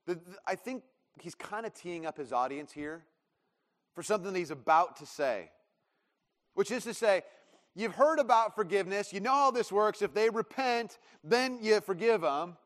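A male pastor in his thirties, high-pitched with lively intonation, preaches at normal speed in a church auditorium that rings with long reverb. He's conversational and self-mocking, acting out pieces of dialogue.

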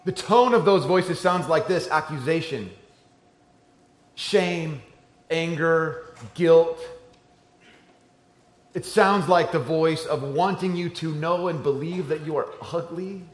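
A man's voice: a little high, takes it slowly, pauses often. Man preaching in a roomy church. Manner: conversational preaching, swinging between hushed and emphatic. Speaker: pastor. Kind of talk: sermon.

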